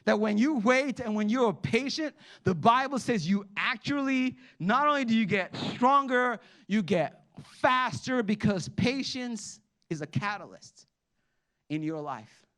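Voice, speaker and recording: A man with a high voice delivering a sermon in a lively preaching manner. He swings between loud, drawn-out lines and quiet, quick asides, and he keeps calling on the congregation to respond. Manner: animated preaching with sudden drops to quiet asides. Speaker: pastor.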